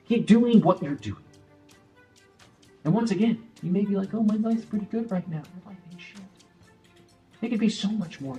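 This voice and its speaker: Blunt, profane man with a high voice. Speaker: motivational speaker. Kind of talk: motivational monologue.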